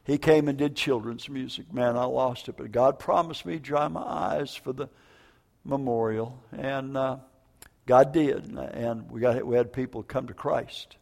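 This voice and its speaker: Older preacher in a ringing hall. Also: male voice, medium pitch, steady tone, unhurried, gravelly, a little mellow. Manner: emotional folksy storytelling, frequent "man" and "okay?". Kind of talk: sermon with personal testimony. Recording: long hall reverb.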